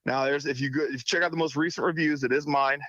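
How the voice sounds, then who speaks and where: Quick, bright-voiced man on a phone line. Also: on the high side, steady tone, no room sound. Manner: joking, apologetic, chatty. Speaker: co-host calling in. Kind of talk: casual chat.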